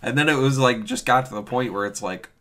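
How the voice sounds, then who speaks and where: A young man chatting casually about a tabletop game he played, laughing often and going higher when excited. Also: fairly quick. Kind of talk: casual chat.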